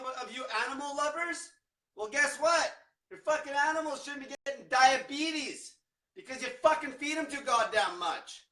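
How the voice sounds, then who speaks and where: Man, high bright voice, blunt, combative, heavy swearing, echoey room, distant mic. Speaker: diet coach. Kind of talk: profane motivational rant.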